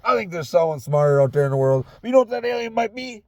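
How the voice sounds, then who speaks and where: A young man with a Southern accent and a tired, sore, raspy voice, hosting a casual solo rant in a truck, profane and heated. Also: high voice, sing-song, fast, no room sound, muffled recording. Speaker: podcast host. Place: inside a parked truck.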